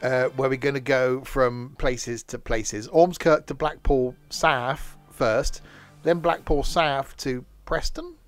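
A man's voice: medium pitch, fairly even intonation, slow pace, faint music behind. A man hosting a casual live stream, rambling and joking and losing his thread. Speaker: streamer host.

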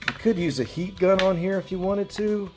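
A man hosting a hands-on repair walkthrough, explaining each step in a relaxed way with frequent fillers and restarts. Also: high-pitched, moderate pace, over music. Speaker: retro electronics repair host.

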